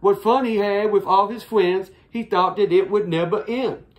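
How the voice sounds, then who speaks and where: A woman's voice: mid-range voice, moderate pace. A woman reading a rhyming picture book aloud in a sing-song way, stopping now and then to fix her slips. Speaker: storyteller.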